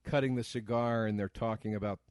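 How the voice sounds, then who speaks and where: A man co-hosting a podcast film commentary, teasing and halting, often repeating words in casual chat. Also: lowish voice, steady tone, darkish tone, no room sound, studio quality. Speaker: podcast co-host.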